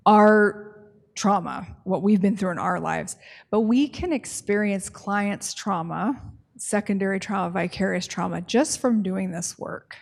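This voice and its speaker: A woman leading a staff training workshop, talking in a brisk, conversational way and often checking in with the group. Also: medium pitch, gravelly.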